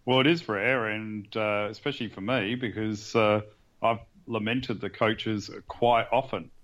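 A man co-hosting a casual sports podcast. He is excitable and rambling, with many restarts. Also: on the low side, unhurried. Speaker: podcast co-host.

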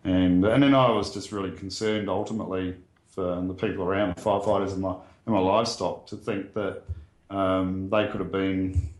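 An Australian man speaks in a plain, earnest, conversational way, often pausing with ums and restarting sentences. His voice sits a little low, and the room around him rings with echo. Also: steady tone. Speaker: guest sharing a bushfire story. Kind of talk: casual spoken recollection. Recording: roomy echo.

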